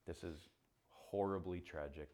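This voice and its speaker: A man's voice: sits low, measured pace. A man preaching as a pastor, telling a personal story and acting out the conversations with humor. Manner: animated storyteller, acts out dialogue, laughs at himself. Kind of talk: sermon storytelling.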